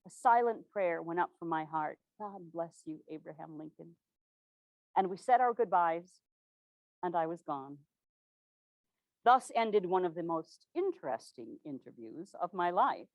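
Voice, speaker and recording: A woman playing an earnest 1860s governor's widow, recounting events in a formal, measured period manner. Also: on the low side, expressive, dry recording, highs cut off. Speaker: living historian. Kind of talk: first-person historical portrayal.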